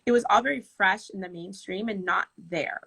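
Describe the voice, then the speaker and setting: A woman wedding planner chatting casually in an interview, animated and laughing as she tells stories. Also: mid-range voice, a little fast, creaky, slightly rough, poor audio. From Michigan.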